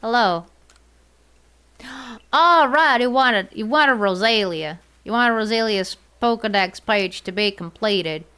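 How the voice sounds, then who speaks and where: A woman chats casually while playing on stream, talking slowly and thinking out loud. Her voice is smooth and clear, and she drifts through fillers and repeats with a giggly, self-mocking tone. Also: medium pitch. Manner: rambling, thinks aloud with many fillers and repeats. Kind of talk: casual gaming livestream chat.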